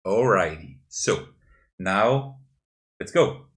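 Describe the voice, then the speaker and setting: A man's voice: lowish voice, lively intonation, drawn-out words. A man hosting a board game channel, talking through a solo tabletop playthrough and explaining each move step by step as he handles the pieces.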